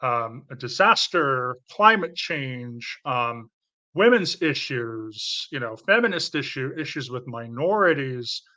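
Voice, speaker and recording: A man's voice: medium pitch, lively intonation, slow, sharp tone. A man hosting a casual commentary, rambling, laughing and restarting phrases as he talks. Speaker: host.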